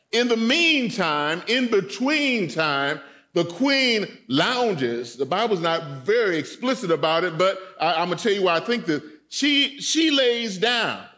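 A man preaching a sermon as a guest preacher in a church, retelling a story in a playful, animated way and calling out to the congregation. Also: high voice. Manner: animated, playful retelling with voiced characters and audience call-outs.

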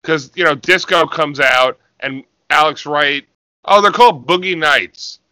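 A man's voice: fairly high pitch, unhurried, sharp tone, dry recording. A man co-hosting a podcast, sarcastic and profane as he picks apart old wrestling. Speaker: podcast co-host. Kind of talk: crude comedic podcast banter.

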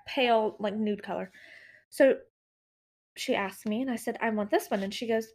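A young woman chats on a podcast, her voice sitting a little high. She tells stories in a casual, easygoing way and jumps up in pitch whenever she acts out what someone else said. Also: brisk. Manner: chatty storyteller, acts out quotes with lively pitch jumps. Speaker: podcast co-host. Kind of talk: casual chat.

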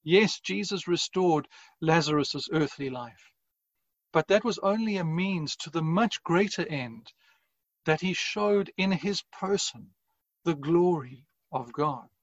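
A male pastor preaching in an unhurried, earnest style, letting each phrase land before moving on. His voice sits a little high for a man. The recording is dry and somewhat dull, like a lo-fi capture. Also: lively intonation, dry recording. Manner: measured, earnest preaching with deliberate pauses. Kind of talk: sermon.

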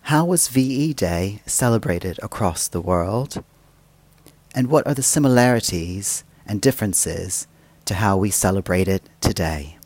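A man presenting a school radio show, reading out shout-outs and birthday wishes in a gentle, polite, self-deprecating way. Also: lowish voice, lively intonation, unhurried, dry recording.

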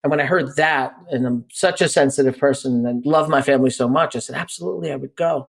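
A man in his forties, a life coach appearing as a podcast guest, telling a personal story earnestly and candidly, animated when he retells conversations. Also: medium pitch, brisk.

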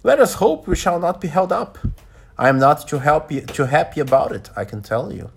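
A man's voice: fairly high pitch, very animated, normal speed, creaky, slightly rough, full character voice. A man voicing a genial older male railway director with polite, formal phrasing while reading a novel aloud. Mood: friendly.

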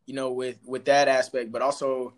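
A man with a voice of middling pitch, co-hosting a casual podcast. He talks in a laid-back, blunt way and reflects as he goes. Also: little pitch movement, normal speed. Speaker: podcast co-host. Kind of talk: casual chat.

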